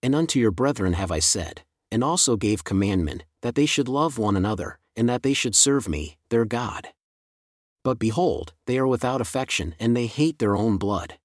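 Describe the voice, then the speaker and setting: A man reading aloud as God, ancient and eternal, stern and sorrowful, delivering judgment in slow, solemn cadences. The voice sits in an ordinary middle register and sounds close and dry. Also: medium pitch, expressive, dry recording, natural voice. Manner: solemn, measured scripture reading. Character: God, an eternal male deity, stern and grieving.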